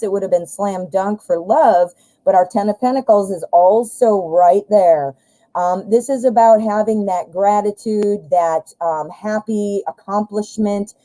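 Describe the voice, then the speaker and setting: A woman with a warm, mid-range voice gives a tarot reading on a live stream, chatty and joking, with self-mocking asides. She calls her viewers hon and my dear, and the recording quality is low.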